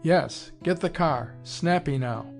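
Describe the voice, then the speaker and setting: A man doing hotheaded young pilot, shouting, higher and louder, faint guitar behind. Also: slow pace, gravelly. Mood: commanding. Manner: shouting, urgent, pleading. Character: reckless young male fighter pilot, hotheaded.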